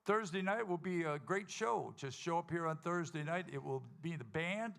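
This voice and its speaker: A man hosting a live country music show, telling a folksy, animated story to the audience and acting out the quotes. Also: fairly high pitch, moderate pace, vocal fry. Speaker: stage host and singer at a country music show. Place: live music venue stage.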